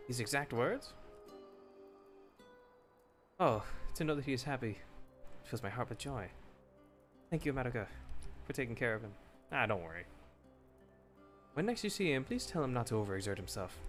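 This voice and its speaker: An earnest, formal woman who leads a city, read aloud by a man in his own plain voice. Her lines rise and fall in a lively way, with soft game music far behind. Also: mid-range voice, normal speed, long pauses. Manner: reads game dialogue aloud in a plain voice, no accent. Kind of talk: reading game dialogue aloud.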